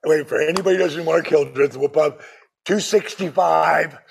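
A middle-aged podcast host chatting casually, chiming in with short remarks and corrections. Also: male voice, fairly high pitch, moderate pace, vocal fry, slight background noise. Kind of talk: casual chat.

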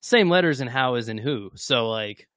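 A young man co-hosting a casual sports chat, cracking deadpan jokes. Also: mid-range voice, moderate pace, no room sound, clean studio sound. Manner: joking, deadpan asides. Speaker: co-host.

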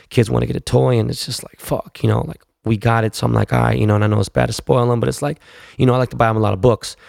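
A man's voice: medium pitch, gravelly, darkish tone, no room sound, studio quality. A man, hosting a casual solo podcast and telling stories in a profane, laid-back way full of slang. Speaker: podcast host.

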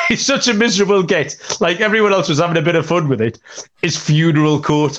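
A man's voice: sits high, fairly quick, a bit bright, dull audio. A young man with a slightly raised voice co-hosts a podcast in loose, casual chat. He tells rambling, jokey stories full of ums and asides. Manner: rambling, jokey storytelling with many fillers. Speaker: podcast co-host.

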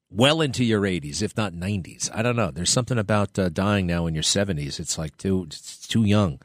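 A man's voice: sits low, no room sound. A male podcast host giving a rambling, chatty monologue with asides, recorded close on a studio mic. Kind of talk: casual monologue.

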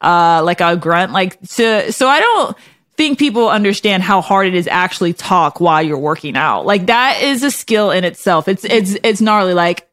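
A chatty, self-deprecating woman in her thirties hosts a casual podcast conversation, talking in quick bursts full of restarts. Her voice sits at a middle pitch. The recording is dry and close. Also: expressive, fairly bright tone, dry recording. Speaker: podcast host. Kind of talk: casual chat.

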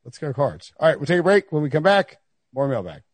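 A man hosting a sports podcast in casual, joking banter. His voice is a touch higher than most men's and slightly husky. The recording is dry and close. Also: big pitch swings, fairly quick, dry recording. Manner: joking, laughs often. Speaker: podcast host.

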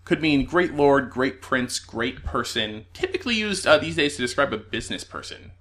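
A man on a casual quiz podcast with a bright, forward voice. He walks through word origins chattily, dropping asides as he goes. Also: medium pitch, expressive, normal speed. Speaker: quiz show regular presenting a word round.

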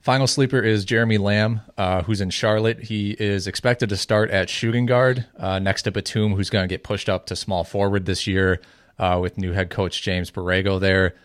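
A man analysing fantasy basketball picks in a casual podcast chat, measured and hesitant with many fillers. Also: fairly low pitch, fairly even intonation, dry recording, studio quality.

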